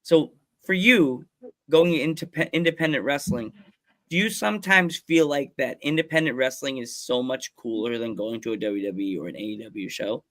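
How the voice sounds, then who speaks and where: A man hosting a podcast in a mid-range voice. He puts his questions to his guests haltingly, with many fillers along the way. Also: mid-range voice, fairly bright tone. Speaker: podcast host. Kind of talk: casual podcast interview.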